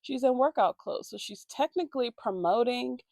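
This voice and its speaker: A woman vlogger telling an animated, profane, rambling story in a casual storytime while getting ready for work at home. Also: a little high, normal speed, creaky, no echo, clean studio sound.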